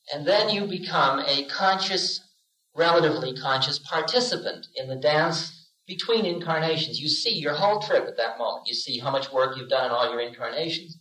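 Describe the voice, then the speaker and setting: A man's voice: on the high side, normal speed, pushed and bright, roomy sound, low-quality recording. A man giving a spiritual lecture to an audience, telling it as a story and acting out the voices he quotes, with humor. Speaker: spiritual teacher.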